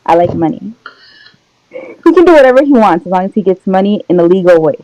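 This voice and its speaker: A woman's voice: medium pitch, sing-song, fast, mellow, no room sound, highs cut off. A woman chatting casually in a group talk, plain-spoken and laid-back, who slips into Spanish at times. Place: home.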